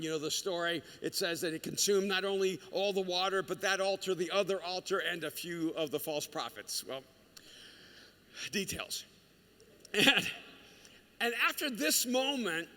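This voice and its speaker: A middle-aged man preaching a sermon, telling the story with humor, animated delivery and frequent restarts. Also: sits high. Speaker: pastor. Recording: reverberant hall recording.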